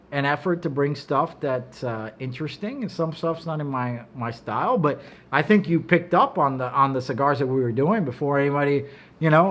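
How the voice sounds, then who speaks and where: Blunt, profane middle-aged man. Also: a little high. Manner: blunt and profane, animated storytelling. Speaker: cigar maker and guest. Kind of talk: casual chat. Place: office.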